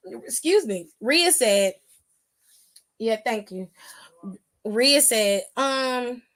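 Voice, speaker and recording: A woman's voice: fairly high pitch, expressive, very slow, a bit bright. A young woman hosting a casual live-streamed wrestling recap, talking bluntly and with plenty of cursing. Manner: blunt, profane, dismissive. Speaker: wrestling aftershow host.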